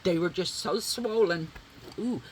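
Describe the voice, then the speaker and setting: A woman's voice: on the low side, measured pace, heavy background noise. A woman, chatting casually and swearing freely while doing her makeup at home. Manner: chatty, swears casually, addresses viewers as y'all. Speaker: vlogger.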